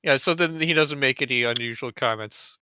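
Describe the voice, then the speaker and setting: A man's voice: mid-range voice, moderate pace, pushed and bright, muffled recording, slight background noise. A man narrating a tabletop game as game master, loose and casual, with lots of fillers and crude asides.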